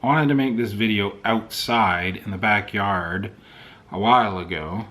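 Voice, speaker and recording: A man's voice: lowish voice, lively intonation, normal speed, a bit bright. A man vlogging in a casual, ranting way, talking straight to his camera. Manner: ranting, chatty, talks to his dogs. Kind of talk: casual vlog chat. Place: outdoors in wind, then at home. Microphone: camera mic with windscreen.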